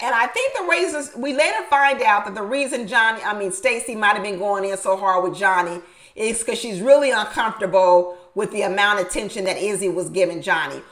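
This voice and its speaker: A woman giving a casual, animated recap of a reality show, laughing often and repeating her points for emphasis. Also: mid-range voice, low-quality recording.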